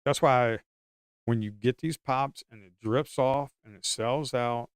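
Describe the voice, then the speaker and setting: A man's voice: mid-range voice, measured pace, clear, resonant tone, dry recording, clean studio sound. A man giving live stock trading commentary in an emphatic, repetitive way.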